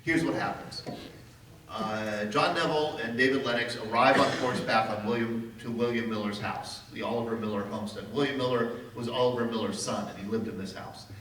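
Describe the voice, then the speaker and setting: A man gives a history lecture to a crowd, telling the story with lively, wry humor. His voice sits at a middle pitch and is picked up from a distance in a very echoey hall, with faint hiss underneath.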